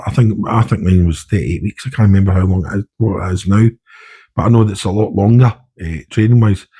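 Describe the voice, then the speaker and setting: Brief: middle-aged Scottish army veteran, dark husky tone, rambling candid talk. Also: male voice, lowish voice, quick pace. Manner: rambling, with many restarts and "you know". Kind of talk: candid podcast conversation.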